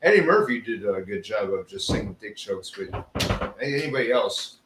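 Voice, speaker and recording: A man's voice: lowish voice, lively intonation, moderate pace. Laid-back teasing man, echoey room. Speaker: podcast co-host. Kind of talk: casual chat. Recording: echoey room, faint hum.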